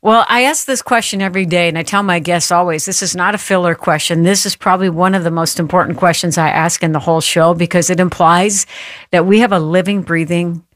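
A woman's voice: fairly low pitch, fairly even intonation, a little fast, no echo, studio quality. A woman hosting a Christian talk show, introducing her guest and encouraging him with frequent affirmations. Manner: warm, affirming, interjects encouragement. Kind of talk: radio-style faith interview.

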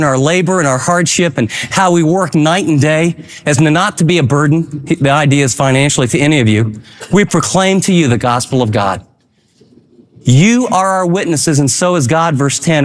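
Male pastor, high voice, fervent sermon delivery. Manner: impassioned, acts out an encouraging father.

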